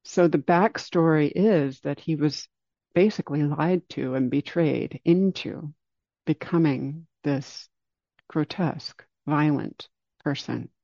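Gravelly man telling a dharma story. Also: fairly high pitch, dry recording. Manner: calm, unhurried, slows down for emphasis. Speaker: meditation teacher. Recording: dull lo-fi recording.

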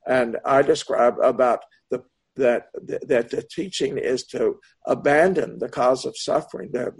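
A man with a husky, slightly breathy voice gives a Buddhist Dharma talk. He speaks slowly and searchingly, circling back over his words as he answers a student's question. His pitch sits at an ordinary middle level for a man. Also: a little mellow. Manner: slow, searching, meandering delivery. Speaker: Buddhist meditation teacher.

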